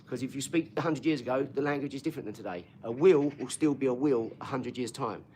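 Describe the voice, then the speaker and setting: A man's voice: medium pitch, fast, darkish tone. Man, livestream host, rambling chat, swears a lot, talks to viewers, faint background noise. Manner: rambling, swears freely, jumps between topics; talks to viewers' comments directly.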